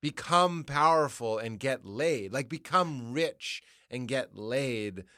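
A comedian in an interview, thinking aloud, swearing casually, and jumping into loud high voices when he quotes people. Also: animated, takes it slowly, dry recording, studio quality. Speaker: comedian guest. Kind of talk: candid interview conversation.

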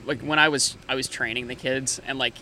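Casual young male guest, bright and tense tone, halting delivery, faint outdoor noise. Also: medium pitch, fairly even intonation, rough recording. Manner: laid-back, halting explanations. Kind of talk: casual chat. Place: outdoors in a backyard.

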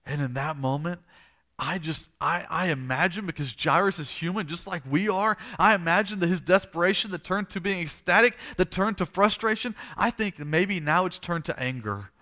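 A man's voice: high voice, moderate pace, pushed and bright. A male pastor preaching a sermon, retelling a story dramatically and repeating phrases for emphasis.

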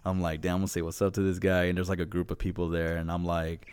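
A man's voice: low voice, level tone, fast talker, darkish tone, clear, resonant tone. A young man co-hosting a podcast in casual, profane banter, laughing often. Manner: laughing, joking, swearing often. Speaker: podcast co-host.

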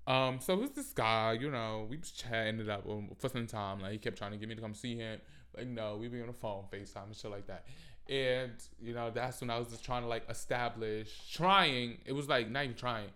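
Smooth-voiced man ranting on a podcast. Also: mid-range voice, brisk. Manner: loud, animated and swearing, with mocking asides. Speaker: podcast host. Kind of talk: casual solo podcast rant.

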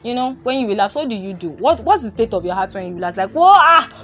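A woman's voice: medium pitch, animated, fast talker, a little mellow, soft background music. Candid, laughing young woman podcaster. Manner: candid, laughs often, repeats phrases. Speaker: podcast host. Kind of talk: casual faith talk.

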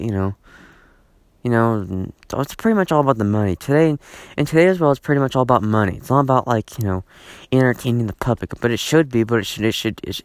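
A man's voice: lowish voice, clean tone, no room sound. A man hosting a solo podcast from home, rambling and exasperated, repeating himself with lots of fillers and restarts. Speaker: podcast host.

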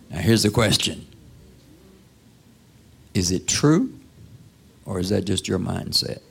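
A man's voice: on the low side, gravelly, slight background noise. A man preaching a sermon in a church, talking to the congregation in a conversational way, asking rhetorical questions and sometimes dropping to a whisper.

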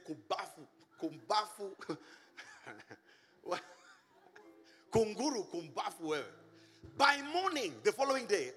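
This is a middle-aged man from Kenya preaching as a pastor, lively and animated, breaking into singsong shouts and tossing laughing remarks to the congregation. The voice is high, with the sound of a big room.

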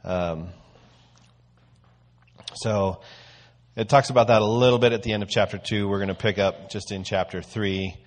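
Low-voiced man giving a casual sermon. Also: fairly even intonation, moderate pace, pauses often. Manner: conversational, storytelling. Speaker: church teacher.

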